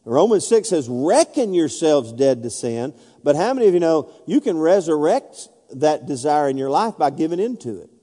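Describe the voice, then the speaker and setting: A man's voice: fairly high pitch, big pitch swings, moderate pace, hardly any pauses, warm tone. A man preaching a sermon as pastor, emphatic and calling out to the congregation. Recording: long hall reverb.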